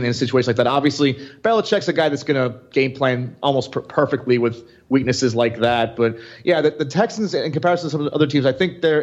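A man co-hosting a fantasy football podcast, rambling with many restarts. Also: mid-range voice. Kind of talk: casual sports chat. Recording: slightly muffled audio.

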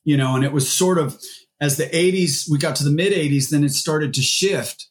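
A man's voice: a little high, moderate pace. Guy rambling thru old gig stories, lots of um and you know. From Seattle area. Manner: rambling, full of fillers and restarts. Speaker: musician guest. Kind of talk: casual interview storytelling.

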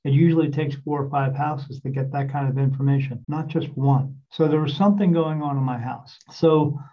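A man's voice: fairly high pitch, steady tone, normal speed. A man in his fifties from New Jersey, telling a long personal story in a rambling, earnest way with many restarts. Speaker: guest. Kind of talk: casual storytelling. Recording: distant, dull lo-fi sound.

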